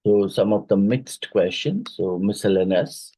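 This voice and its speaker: Speaking in Odia-influenced Indian English, a man leads a phonetics exam-prep lesson, explaining slowly, spelling words out letter by letter, and leaning on plenty of fillers. His voice is lowish and mellow, and the recording is dry but poor in quality.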